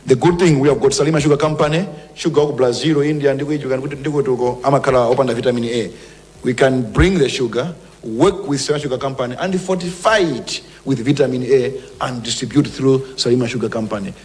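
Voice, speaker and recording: A man's voice: medium pitch, quick pace, big-room sound. A man with a Malawian accent, a government minister giving an emphatic public speech with firm warnings. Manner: emphatic, forceful warnings, switching between English and Chichewa.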